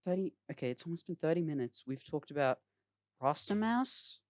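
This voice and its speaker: Young male podcast host, rambling and animated, very dry close mic over voice chat. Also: on the high side, fast, no echo. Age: young adult. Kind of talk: casual chat. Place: home, remote call. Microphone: computer mic over voice chat.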